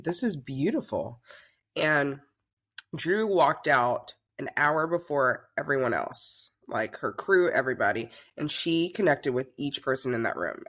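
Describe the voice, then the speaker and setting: Woman, talk show host type, guest spinning a lively story in a casual chat. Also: deep voice. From Southern United States. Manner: chatty, animated storyteller.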